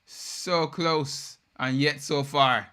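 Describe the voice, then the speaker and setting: Young guy streaming a race watch-along, hyped and slangy, bright kinda high voice. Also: very slow, smooth. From United Kingdom. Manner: excitable, slangy, chatty with viewers. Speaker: live stream host.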